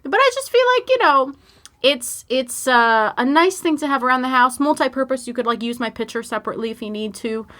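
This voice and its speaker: A woman's voice: high voice, expressive, brisk, bright, forceful tone. A young woman co-hosting a podcast in casual chat, laughing often and talking with lots of fillers. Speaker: podcast co-host.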